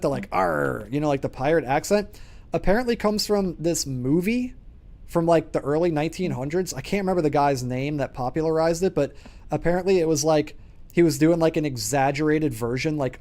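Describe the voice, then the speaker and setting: A gaming streamer with a fairly high, darkish voice talks briskly as he plays. His casual commentary rambles, packed with filler words and frequent laughter.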